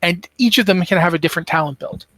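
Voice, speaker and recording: A tired man chatting on a podcast, his voice sitting a touch high for a man. He rambles and thinks aloud, filling pauses with ums and uhs. The sound is dry and close, with no room around it. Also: fairly bright tone, no echo. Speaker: podcast co-host. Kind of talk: casual gaming podcast chat.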